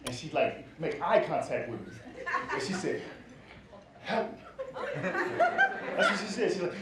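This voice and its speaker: High-pitched male stand-up comedian. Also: lively intonation, brisk. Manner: loud storytelling, acts out other people's lines, swears a lot. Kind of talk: stand-up set. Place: comedy club stage. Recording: echoey club with loud crowd.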